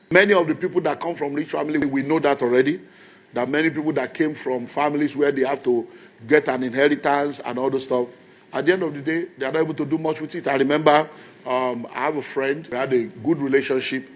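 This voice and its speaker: A man, a pastor giving a motivational talk as an animated storyteller who acts out the dialogue. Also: medium pitch, fairly quick. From Nigeria.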